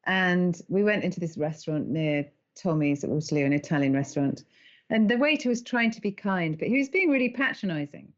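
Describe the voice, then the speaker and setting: A middle-aged woman, an animated storyteller who laughs often as a podcast guest. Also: lowish voice, fairly quick, highs cut off. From England. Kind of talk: conversational interview.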